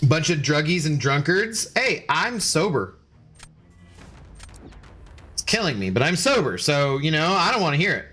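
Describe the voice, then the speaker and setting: Chatty male gaming streamer, slightly high. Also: sing-song, unhurried, pauses often, bright, forceful tone. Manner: chatty, reads chat aloud, swears when losing. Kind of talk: casual live-stream commentary.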